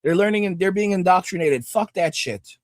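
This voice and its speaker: High-voiced man ranting angrily. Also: normal speed, no echo. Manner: angry, profane, repeats himself, lectures the audience. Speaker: livestream host reading viewer comments. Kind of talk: profane ranting commentary.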